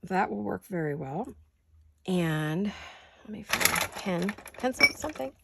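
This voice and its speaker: A woman's voice: fairly low pitch, takes it slowly, creaky, noisy background. A woman hosting a craft-along from her home studio, chatting and talking to herself in a rambling, playful way. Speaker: crafting channel host.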